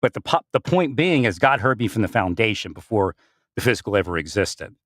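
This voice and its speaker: A man's voice: on the low side, sing-song, a little fast, fairly bright tone, no room sound, clean studio sound. A man giving a rambling spiritual monologue, often breaking into laughter and restarting his sentences. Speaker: spiritual speaker.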